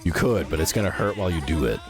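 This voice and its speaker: A man streaming a video game in casual chat, his voice strained and roughened from yelling, reacting aloud and answering chat. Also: low voice, animated, quick pace, faint music behind.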